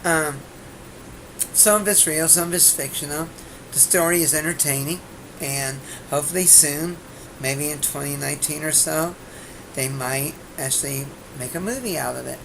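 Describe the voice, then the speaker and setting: A woman's voice: low-pitched, moderate pace, creaky, background noise. A woman hosting her own comedy talk show, rambling through a monologue with brash jokes and many restarts. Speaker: host and comedian.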